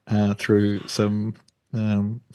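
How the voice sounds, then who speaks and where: A man co-hosting a podcast, talking in a relaxed, hesitant way with lots of fillers. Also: fairly low pitch, drawn-out words, clean tone, dry recording. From Australia. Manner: relaxed, hesitant with many fillers, laughs easily. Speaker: podcast co-host. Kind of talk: casual chat.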